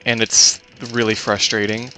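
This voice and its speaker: A man's voice: lowish voice, little pitch movement, moderate pace, bright, forceful tone, faint music behind. A man giving casual live commentary on his own speedrun, explaining game mechanics with many fillers and restarts.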